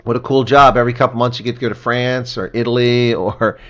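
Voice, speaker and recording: A man's voice: medium pitch, fast. Man doing casual live rugby commentary. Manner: casual, gets excited on big plays.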